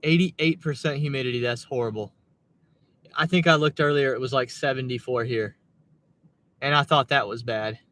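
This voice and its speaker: A man's voice: medium pitch, normal speed, fairly bright tone, a little hiss or hum. A tired man, a delivery driver, chatting casually from his car on a livestream and reading viewer comments aloud. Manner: laid-back, muttering, thinks aloud. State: tired, yawning.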